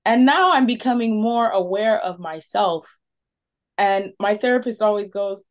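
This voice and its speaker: A woman in her thirties speaks at a recovery meeting, frank and self-mocking as she talks through her own faults. Her voice sits at a middle pitch, and she laughs easily at herself between admissions. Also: expressive, a little slow. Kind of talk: personal testimony.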